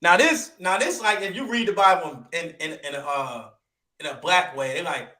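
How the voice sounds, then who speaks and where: A man teaching from the Bible in an emphatic, animated, slangy way. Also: fairly high pitch, normal speed. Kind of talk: street preaching commentary.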